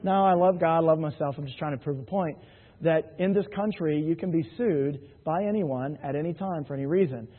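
A man with a husky, raised voice spins anecdotes for a live audience and keeps checking in with "right?". The sound is thin and phone-like. It rings with a long hall reverb. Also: a little high, fairly quick. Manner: jokey storyteller, keeps asking the crowd "right?". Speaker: sales presenter.

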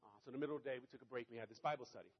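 A man giving a motivational speech to an audience, telling a story in an animated, conversational way. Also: mid-range voice, rapid-fire, breathy edge, dull audio. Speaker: motivational speaker.

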